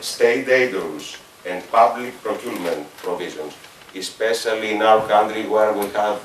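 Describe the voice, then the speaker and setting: Greek guy presenting at a conference, lowish voice, stops and restarts a lot, echoey hall, a bit far from the mic. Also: a little hiss or hum. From Greece. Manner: halting, with fillers and self-corrections. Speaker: regional managing authority official.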